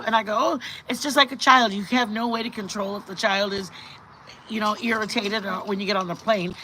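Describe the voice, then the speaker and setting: A woman's voice: mid-range voice, fairly quick, low-quality recording. Middle-aged female vlog host, chatty and rambling, faint hum behind her. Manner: rambling, animated, bursts of loud laughter. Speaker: channel host. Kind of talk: casual live-stream chat.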